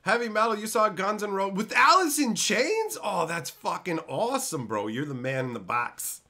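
Man, live streamer, profane and jokey, bright forceful voice, calls chat bro. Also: high-pitched, sing-song. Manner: rowdy, swearing, quick to laugh, calls viewers bro and son.

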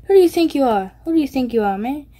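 A woman's voice: high-pitched, lively intonation, fast talker, very noisy. A woman giving goofy, teasing gameplay commentary, yelping and squealing when she gets hit. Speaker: gaming video creator.

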